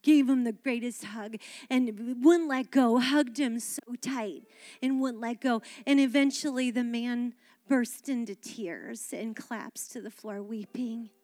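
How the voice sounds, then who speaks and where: A woman pastor preaching a sermon on stage, animated and dramatic, acting out quotes. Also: a little high, measured pace. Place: church stage.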